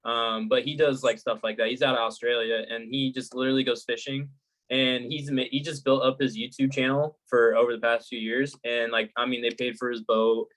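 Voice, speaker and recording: A young man co-hosting a casual podcast, telling stories in an animated way and laughing easily. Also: mid-range voice, a little fast, poor audio. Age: young adult. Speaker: podcast co-host. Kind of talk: casual chat.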